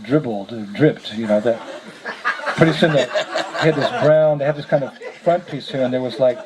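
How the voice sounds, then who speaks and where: A man's voice: medium pitch, normal speed. A man, a visiting monk, telling a story to a gathering, chuckling often as he speaks. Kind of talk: storytelling talk. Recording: noisy lecture recording.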